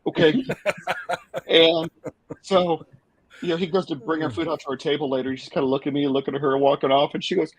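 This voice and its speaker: A man's voice: a little high, level tone, fast, poor audio. A man hosting a podcast, telling a long rambling story with chuckles along the way. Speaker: podcast host.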